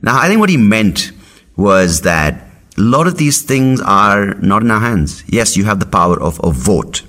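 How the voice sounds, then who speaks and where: A man's voice: lowish voice, sing-song, measured pace, a bit bright. A young man hosting a rambling, sarcastic, profane comedy monologue. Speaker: podcast host.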